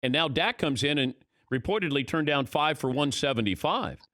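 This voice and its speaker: A man's voice: on the high side, animated, moderate pace, bright, forceful tone. A man hosting a sports talk show, asking a guest short, pointed questions.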